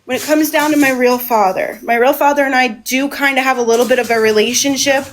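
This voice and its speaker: Woman live-streamer, slightly high voice, rambling and emotional, repeating herself. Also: steady tone, quick pace, a little hiss or hum, poor audio. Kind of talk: casual live stream monologue.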